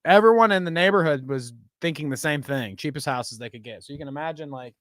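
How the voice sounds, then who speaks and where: A man's voice: a little high, quick pace, fairly bright tone, no echo, clean studio sound. A man hosting a casual comedy podcast, rambling and laughing between his sentences. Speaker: podcast host. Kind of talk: casual chat.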